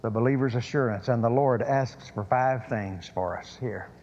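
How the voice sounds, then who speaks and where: A man's voice: mid-range voice, moderate pace, darkish tone, a little hiss or hum. A man preaching a sermon, emphatic and prone to repeating words and restarting phrases. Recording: lo-fi sermon recording in a reverberant hall.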